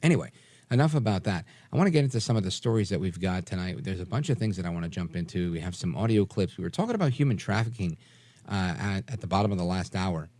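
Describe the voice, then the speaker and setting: A fairly low-voiced man in his forties hosts late-night talk radio with a lightly softened New York accent. He speaks emphatically, with fillers and quick restarts, and the sound is close and dry. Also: animated, dry recording. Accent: New York, mostly softened. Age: 40s. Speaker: radio talk show host.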